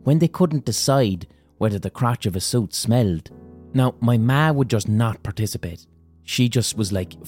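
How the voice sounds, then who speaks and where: A man's voice: mid-range voice, lively intonation, moderate pace, a little mellow, faint music behind. A man, hosting a podcast and telling a crude comic story in a rambling, self-amused way. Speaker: podcast host.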